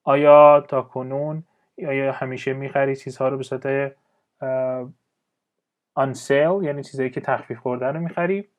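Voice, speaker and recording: Male English teacher, Persian accent, native Persian speaker. Mid-range voice, hesitant, lots of fillers, slow careful examples. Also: mid-range voice, fairly even intonation. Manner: hesitant, frequent uh fillers and restarts; switches between slow English and quick Persian explanations. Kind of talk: recorded language lesson.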